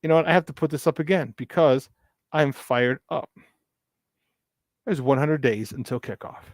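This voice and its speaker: A slightly high-voiced man holding forth as a sports talk host. He rambles in a casual monologue, hammering his points by saying them twice. The sound is dry and close. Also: normal speed, no room sound. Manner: repetitive, emphatic, preachy asides.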